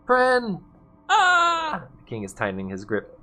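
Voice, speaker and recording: A man voicing a scared young game hero, shouting desperate pleas in a high strained voice. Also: little pitch movement, quick pace, faint music behind. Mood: panicked. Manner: high, shouted, panicked pleading.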